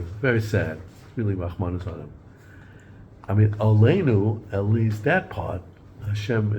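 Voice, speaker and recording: A man's voice: lowish voice, a little mellow, slight background noise. A man teaching an informal Torah class in a conversational way, often repeating and restarting words and mixing in Hebrew and Yiddish terms.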